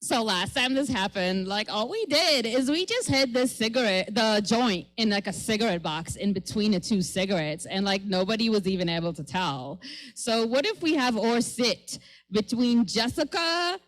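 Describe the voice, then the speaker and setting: A woman's voice: a little high, expressive, rough recording. A woman from the Middle East doing a brash, profane stand-up routine. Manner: brash, profane, quick punchlines. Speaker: stand-up comedian.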